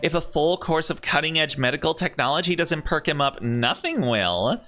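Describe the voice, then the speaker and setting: A chatty young traveling companion, read by a man in a bright, clear voice close to his own. The companion sounds concerned but keeps talking easily. Soft music runs behind. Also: fairly high pitch, big pitch swings, normal speed, voice pushed up.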